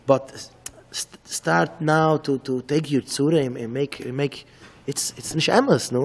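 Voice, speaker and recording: A rabbi giving a Torah lecture in English. He speaks haltingly, repeats words and acts out back-and-forth dialogues. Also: fairly high pitch, fairly even intonation. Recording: long hall reverb.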